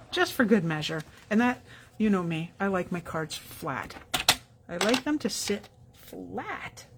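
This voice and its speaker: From her home craft room, a middle-aged woman hosts a live card-making tutorial, chatty and quick, with apologetic asides. Her voice is medium-pitched, with slight background noise.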